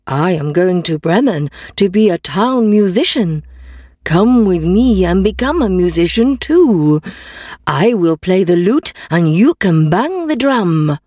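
A woman's voice: fairly low pitch, big pitch swings, slow pace, mellow, dry recording, studio quality, exaggerated voice. A woman doing a friendly old donkey. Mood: coaxing.

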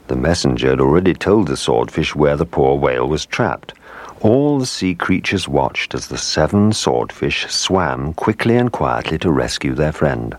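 A man narrating a children's story with expressive storytelling. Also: extremely low pitch, moderate pace.

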